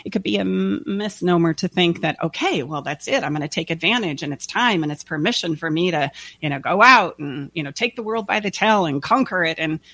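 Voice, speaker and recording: Casting: woman coach, earnest and heartfelt, bursts into lively quoted voices, dry close sound. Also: lowish voice, a little fast, few pauses, no room sound. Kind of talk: casual podcast conversation.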